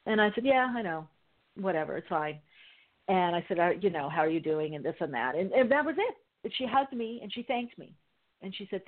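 A woman hosting a call-in radio show as a mystic healer, telling stories with animated quoted voices. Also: on the low side, fast talker. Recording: narrow phone-like sound.

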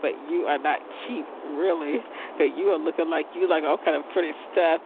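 A woman's voice: low voice, brisk, noisy background. Stammering woman on a tinny phone line. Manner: stammering, repeats words, chatty and frank; laughs often. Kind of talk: casual monologue on a call-in show.

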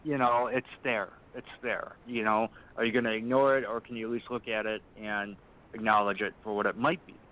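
A man's voice: on the low side, little pitch movement, brisk. A man as a guest in a casual interview chat, speaking emphatically and pressing pointed questions again and again. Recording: tinny phone-like line.

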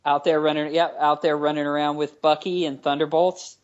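A man with a somewhat high voice speaks haltingly, restarting his sentences and slipping in dry, sarcastic jokes. He is a writer chatting as a podcast guest. The audio is dull and lo-fi. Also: little pitch movement. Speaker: comic book writer guest. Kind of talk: casual podcast interview.

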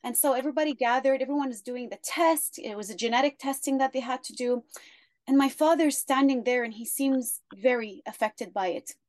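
A woman guest telling her story in an interview, earnest and measured. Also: high-pitched, a little mellow, no echo.

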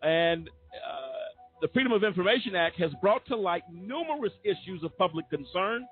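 A man hosts a talk radio show and reads out material at a measured pace. His voice is a little high and sounds tinny over the line, with faint music under it. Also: animated. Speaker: radio host.

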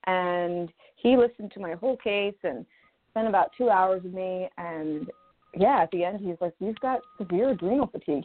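Woman guest telling her story over a phone line. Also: fairly low pitch. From Maryland, USA. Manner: chatty, with quoted asides and laughs. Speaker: guest naturopathic doctor.

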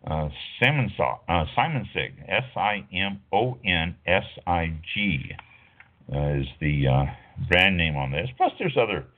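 Low-voiced man over a tinny line. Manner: rambling, filler-heavy, self-correcting. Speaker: wine show host. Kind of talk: casual talk radio monologue.

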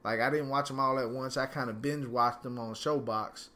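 Male podcast host, bright edgy tone, mid pitch, solo profane rant at home. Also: fairly even intonation, normal speed. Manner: angry, profane ranting with slang.

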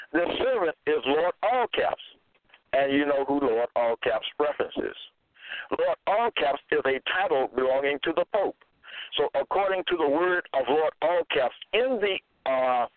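A man preaching slowly and deliberately, quoting scripture verse by verse and repeating his phrases. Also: on the high side, no echo. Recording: tinny phone-line sound, dry.

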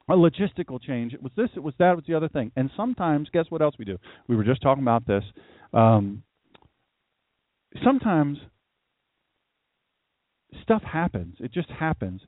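A man preaching a casual sermon as a pastor, telling stories in an animated way and acting out voices, often jumping high for emphasis. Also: normal speed, pauses often, dry recording. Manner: animated storytelling, acts out voices, jumps to high pitch for emphasis. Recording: tinny phone-like dry sound.

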